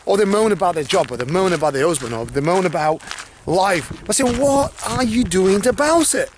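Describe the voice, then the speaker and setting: Animated, blunt motivational male coach. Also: high voice, fairly quick, a little hiss or hum. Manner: blunt and swearing, animated, repeats okay; mimics others' worried thoughts in asides. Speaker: life coach. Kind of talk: motivational talk to camera.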